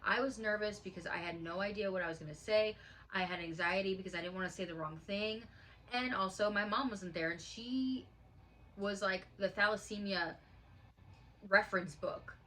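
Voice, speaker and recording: A woman's voice: mid-range voice, moderate pace, sharp tone, low-quality recording. A woman in her late twenties telling a personal story in a casual vlog, earnest and heartfelt, with lots of fillers. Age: late 20s. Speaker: vlogger.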